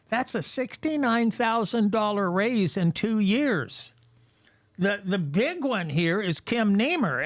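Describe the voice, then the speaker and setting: High-voiced male talk show host. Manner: reads figures slowly with emphasis. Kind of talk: casual political talk.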